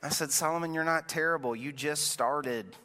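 A man's voice: on the high side, normal speed, bright, forceful tone. A man in his thirties preaching a sermon as a pastor, telling a family story in a loose, self-deprecating way. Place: church sanctuary. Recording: long reverb from a large room.

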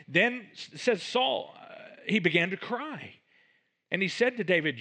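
A man's voice: big pitch swings, normal speed, sharp tone. A man preaching a sermon, reading scripture aloud and acting out the quoted lines with big swings of emphasis. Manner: reads scripture aloud with dramatic swings in volume and pitch. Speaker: pastor.

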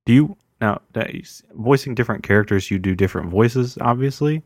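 A man hosting a podcast, asking questions in a relaxed, conversational way. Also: medium pitch, a little fast, no room sound. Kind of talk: casual conversation.

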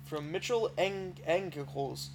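A man's voice: sits high, slow pace, slight background noise. A man co-hosting a casual podcast, giving short, easygoing replies. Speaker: podcast co-host. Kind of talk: casual chat.

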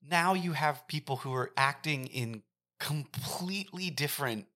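A woman in her forties with a strikingly deep voice, co-hosting a podcast in loose, profane chat. She jokes and mimics characters as she retells a film. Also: a little slow, fairly bright tone. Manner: profane, joking, acts out scenes in quoted voices. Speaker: podcast co-host. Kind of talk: casual chat reviewing a film.

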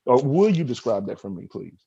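A man's voice: medium pitch, very animated, a little fast, gravelly, dark tone, slightly rough, dull audio. A man hosting a podcast interview, rambling with many restarts and openly moved. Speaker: podcast host. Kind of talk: emotional interview conversation.

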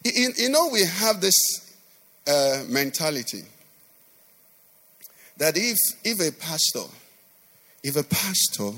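A man's voice: high voice, sing-song, unhurried, long pauses, sharp tone. A male pastor preaching a sermon, with sing-song emphasis and constant call-and-response questions to the congregation. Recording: reverberant church hall.

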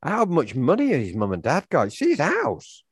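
A man's voice: a little high, huge pitch swings, moderate pace, slightly rough, dry recording, clean studio sound. A man co-hosting a podcast, wry and joking, often stammering over his words. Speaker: podcast co-host. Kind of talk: casual chat.

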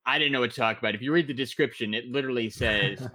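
A man's voice: mid-range voice, racing. A man hosting a casual podcast chat, rambling and laughing easily as he talks. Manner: lively, laughs often, rambling. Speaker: podcast host.

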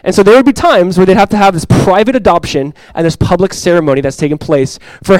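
Earnest higher-voiced male pastor. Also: fast, hardly any pauses, dry recording, low-quality recording. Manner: earnest, repeats key phrases, drops to soft intimate tones. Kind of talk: sermon.

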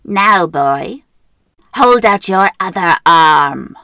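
A woman's voice: lowish voice, animated, pushed and bright, no room sound, exaggerated voice. An Irish woman voicing a screeching, greedy old witch in a storybook reading. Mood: cackling greedy. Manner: drawn-out, sing-song, greedy relish.

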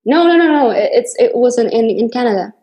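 A woman's voice: a little high, expressive, fairly quick, mellow. A young adult woman from Kazakhstan, an actress being interviewed, telling stories animatedly with many restarts and bursts of laughter. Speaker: actress guest. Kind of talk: casual interview conversation.

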